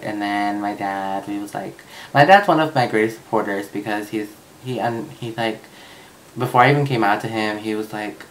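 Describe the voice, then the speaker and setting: A man's voice: lowish voice, steady tone, moderate pace, a little hiss or hum, low-quality recording. A young man vlogging, telling a personal story in a casual, chatty way with lots of fillers and swearing.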